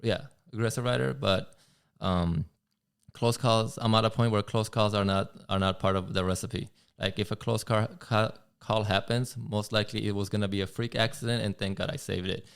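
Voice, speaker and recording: A man's voice: on the low side, fairly even intonation, moderate pace, gravelly, clean tone. Man, podcast guest, resonant tone, reflective, casual chat. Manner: reflective, many restarts. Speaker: guest rider.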